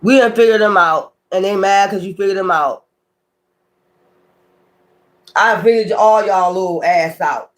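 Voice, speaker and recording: A man's voice: high-pitched, normal speed. A man reading tarot on his own channel, talking off the cuff in a profane, confrontational rant that waves off his critics as weirdos. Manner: profane, confrontational, repeats taunts; dismissive, calls critics weirdos. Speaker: tarot reader.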